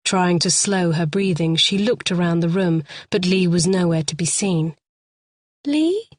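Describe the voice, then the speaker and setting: Female audiobook narrator, low register, tense measured delivery, dry studio sound. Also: little pitch movement, no echo. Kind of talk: scripted thriller narration.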